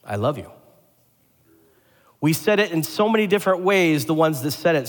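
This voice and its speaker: A pastor delivering a lively sermon, asking the congregation questions and joking with them. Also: male voice, a little high, fairly quick, pauses often. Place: church sanctuary. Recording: long hall reverb.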